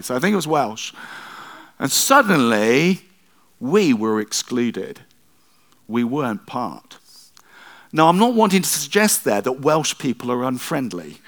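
Middle-aged man preaching casually. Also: mid-range voice. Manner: conversational, self-deprecating asides. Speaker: pastor. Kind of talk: sermon.

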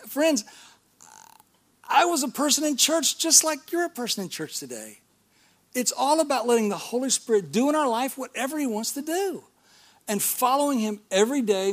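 A middle-aged male pastor preaching a sermon in a church, talking in a conversational way with rhetorical questions and calls of amen. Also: high voice.

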